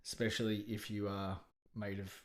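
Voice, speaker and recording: A man's voice: on the low side, little pitch movement, normal speed. Playful joke-telling man in his fifties. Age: 50s. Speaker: podcast co-host. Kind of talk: unscripted comedy chat.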